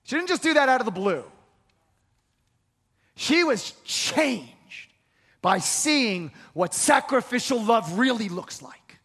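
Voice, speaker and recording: A pastor with a very high voice preaches slowly and very animatedly, pausing often, his tone a bit bright with a breathy edge. He acts out conversations and builds dramatically to repeated, emphatic phrases, and the recording has hall reverb.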